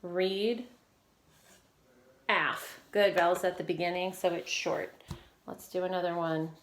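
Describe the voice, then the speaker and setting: A woman's voice: lowish voice, fairly even intonation, measured pace, a little hiss or hum. Encouraging woman teaching a phonics lesson. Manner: encouraging, step-by-step prompts. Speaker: reading teacher.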